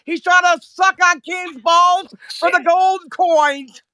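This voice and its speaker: Brash high-voiced woman caller. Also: fairly even intonation, slow, sharp tone, no room sound. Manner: brash, insulting.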